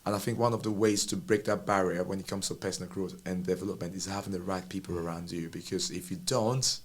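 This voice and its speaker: A man's voice: low voice, fairly even intonation, quick pace. A man co-hosting a podcast, talking in a rambling, self-deprecating way with many restarts. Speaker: podcast co-host. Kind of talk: casual podcast chat.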